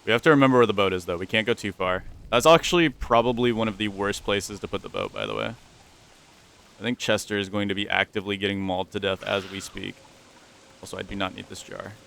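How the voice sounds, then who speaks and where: A man's voice: fairly low pitch, steady tone, a little fast, gravelly, fairly bright tone. Chatty self-mocking gamer man. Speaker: gaming YouTuber. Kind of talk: casual let's-play commentary.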